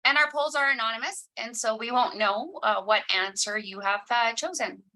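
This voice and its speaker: A woman co-facilitating an online workshop, adding brisk, short remarks to the host. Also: on the high side, pushed and bright, low-quality recording.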